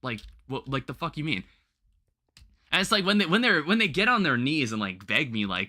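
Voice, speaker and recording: A young man hosting a livestream, chatting casually while gaming and telling rambling, animated stories with some swearing. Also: on the high side, brisk. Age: young adult. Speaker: livestream host.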